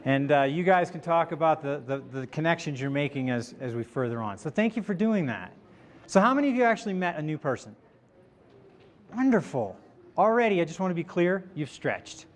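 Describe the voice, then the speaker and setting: A man giving a live motivational talk to an audience, animated and interactive, slowing down to stress key points. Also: on the high side. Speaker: motivational speaker. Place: event room before a live audience.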